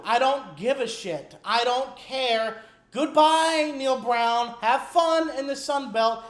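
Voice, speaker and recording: A woman sports fan at home, delivering a furious, profanity-laden rant that keeps repeating itself. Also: sits high. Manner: furious, profane, repetitive ranting. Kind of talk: angry rant to camera. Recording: echoey room.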